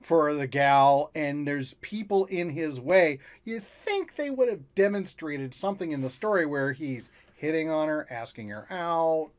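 A man in casual movie talk, measured and analytical, with frequent halting restarts. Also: fairly high pitch, lively intonation.

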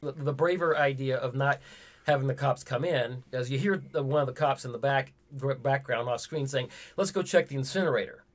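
A man's voice: medium pitch, a little fast. A man in casual movie talk, rambling and retelling scenes with quoted lines.

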